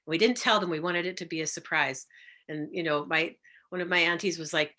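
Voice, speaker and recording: A middle-aged woman speaks at a lower-than-usual pitch with a bright, forward tone. She walks through slides in a relaxed, chatty way and brings her stories to life by quoting relatives and parents in changing voices. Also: a little fast. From California. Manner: animated storyteller, quotes others with changing tone. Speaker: herbalist giving a talk. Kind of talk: presenting slides in a casual talk.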